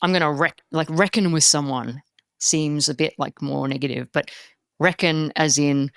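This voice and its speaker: An Australian woman co-hosting a podcast, curious and lively in casual conversation. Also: low-pitched, normal speed, gravelly, no room sound, studio quality. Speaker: podcast co-host. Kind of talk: casual chat.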